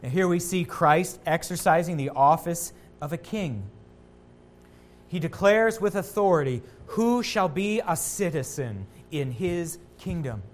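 A man preaching a sermon as a pastor, earnest, rising louder on quotations and dropping low and quiet at key points. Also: expressive, a little slow.

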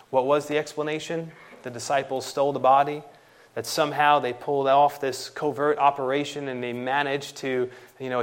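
A man preaching an expository sermon, emphatic, slowing down and rising in pitch on key phrases. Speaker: pastor.

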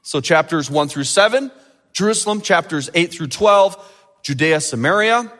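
A man preaching a sermon as pastor, animated and building to emphatic peaks. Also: a little high, normal speed, in a large hall.

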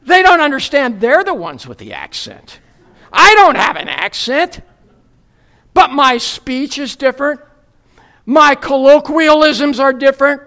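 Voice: sits high, sing-song, measured pace, sharp tone. A preacher from the United States giving a sermon, with wry, humorous asides before earnest scripture teaching.

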